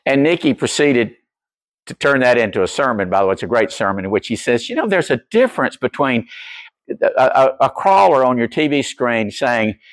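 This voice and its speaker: A man preaching a sermon as pastor, telling stories in an animated way and putting questions to his congregation. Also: mid-range voice, moderate pace, no echo. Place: church.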